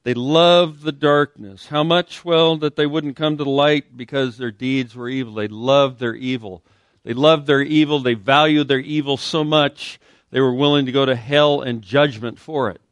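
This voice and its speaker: A man delivers a sermon in a relaxed, conversational way, often pausing on fillers. His voice sits at an ordinary pitch. The recording is dry, with little room sound. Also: no echo. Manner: conversational preaching with fillers and acted quotes. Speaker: pastor. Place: church sanctuary.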